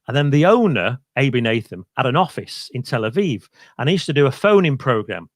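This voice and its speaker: A man's voice: medium pitch, sing-song, a little fast, dry recording, studio quality. A middle-aged man, a radio presenter, casually telling an anecdote on a quiz stream and acting out the voices in it. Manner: chatty storyteller, acts out voices in his anecdotes.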